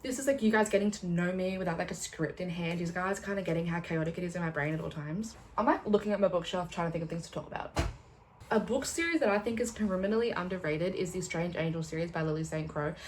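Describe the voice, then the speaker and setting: Chatty, excitable young woman, lowish voice. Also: fast talker, a little hiss or hum. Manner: rambling, excitable, swears and laughs often. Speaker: booktuber. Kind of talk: casual chatty vlog.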